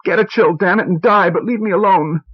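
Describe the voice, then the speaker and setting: Guy doing a shrill screaming wife, fed up and raging, way up high, muffled old tape. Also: brisk, slightly rough. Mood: furious. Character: furious exhausted wife at breaking point. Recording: muffled old cassette recording.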